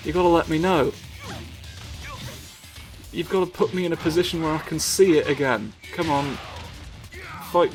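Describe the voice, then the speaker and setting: A man giving rambling, playful comedic commentary over a fighting game, full of absurd asides. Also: a little high.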